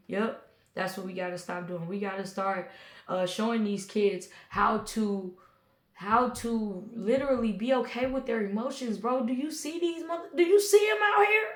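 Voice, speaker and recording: A woman tarot reader hosting her own channel, speaking in an emphatic, slangy, preachy way. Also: mid-range voice. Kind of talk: spiritual tarot reading monologue. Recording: echoey room.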